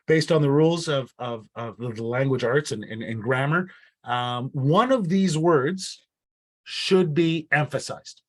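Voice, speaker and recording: A man leading an online workshop. He talks casually and often repeats words and restarts his phrases. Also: fairly high pitch. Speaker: workshop facilitator.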